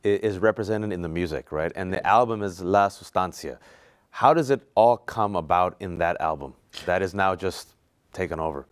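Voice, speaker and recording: A man hosts a studio interview with a smooth, resonant voice sitting a little low. He keeps things upbeat and conversational, moving from question to sign-off. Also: normal speed. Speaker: interview host.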